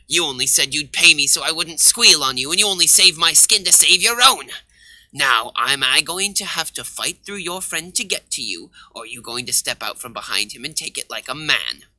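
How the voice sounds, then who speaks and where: A man's voice: on the high side, pushed and bright, no room sound, exaggerated voice, rough recording. A man voicing an angry young rogue who accuses and threatens the one who betrayed him.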